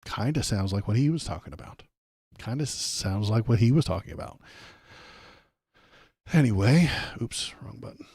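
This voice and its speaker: A man with a fairly low voice hosts a casual political livestream, reading along and mocking what he reads. He rambles and restarts, with frequent "uh" fillers and a dry, sardonic edge. The sound is dry and close. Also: lively intonation, brisk, creaky, a little mellow, slightly rough, no echo. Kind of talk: casual live commentary.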